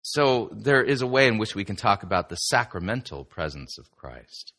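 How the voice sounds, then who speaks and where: A male pastor preaching in a conversational, emphatic way, often turning to speak straight to the listener. His pitch swings widely and his tone stays bright and forceful. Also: big pitch swings, moderate pace. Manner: chatty and emphatic, with asides to the listener. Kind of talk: conversational sermon teaching.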